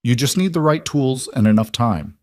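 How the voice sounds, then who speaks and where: A man voicing an anxious, gentle father in his thirties who speaks reassuringly. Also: medium pitch, expressive, normal speed, dry recording, studio quality, voice pushed up, close to an everyday voice.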